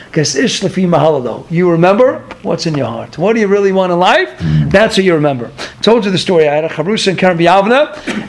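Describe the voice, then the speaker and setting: A man's voice: high voice, slight background noise. A man teaching a Torah class, telling stories, asking his listeners rhetorical questions and chuckling through his digressions. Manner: asks the audience rhetorical questions.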